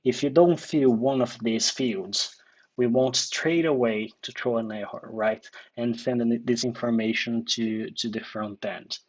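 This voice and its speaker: A man teaching a coding tutorial, thinking aloud with many fillers and restarts, recorded in a dark room at his computer. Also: medium pitch, steady tone, measured pace, highs cut off. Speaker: coding instructor.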